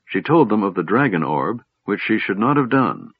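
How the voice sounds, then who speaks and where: A narrator plays a proud, suspicious knight who talks with a scowl. The voice is low and husky, and the sound is dry and dull. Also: male voice, very animated, normal speed, no room sound, exaggerated voice. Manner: scowling, distrustful.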